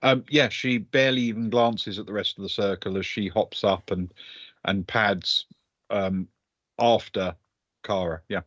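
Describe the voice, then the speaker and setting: Low-voiced game master, dull dry mic. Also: male voice, steady tone, fairly bright tone, dry recording. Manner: measured, descriptive narration. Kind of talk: narrating a tabletop game.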